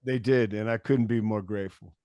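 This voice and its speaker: Low-pitched laid-back male guest, rambling musician stories, dry close sound. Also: fairly even intonation, brisk, warm tone, clear, resonant tone, dry recording. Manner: laid-back storytelling, frequent restarts and swearing. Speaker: podcast guest, touring musician. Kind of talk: casual interview chat.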